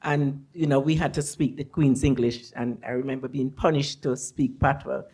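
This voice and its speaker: A woman's voice: rumbling low, steady tone, moderate pace, dark tone, slightly rough. An older woman, from Jamaica, asking a question from the audience in a chatty, reminiscing way. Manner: chatty, reminiscing, many fillers. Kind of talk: question from the floor.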